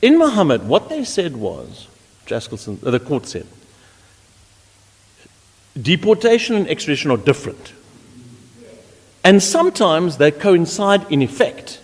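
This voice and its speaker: A man arguing a legal case before judges in a courtroom, emphatic and animated, with frequent restarts. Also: a little high, a little slow, long pauses. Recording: reverberant courtroom audio.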